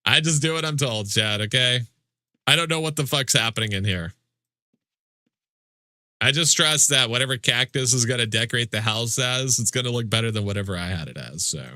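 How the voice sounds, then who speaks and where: A man's voice: medium pitch, lively intonation, fairly quick, pushed and bright, no room sound, clean studio sound. A man streaming a game live, chatting casually with viewers in mock-indignant, joking complaints and swearing freely. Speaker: livestreamer. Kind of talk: casual livestream chat with viewers.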